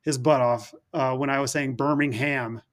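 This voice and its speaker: A man from Alabama, chatting on a podcast and telling stories in halting, restarting bursts. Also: medium pitch, fairly even intonation. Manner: halting, stammering storyteller. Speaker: podcast co-host. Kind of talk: casual podcast chat.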